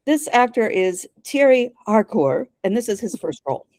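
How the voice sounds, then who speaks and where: Speaking at a moderate pace with few pauses, a medium-pitched woman walks through a drama episode on a casual podcast she co-hosts. She reads scenes aloud, acting out the dialogue with animated quotes and laughs, on a dry recording.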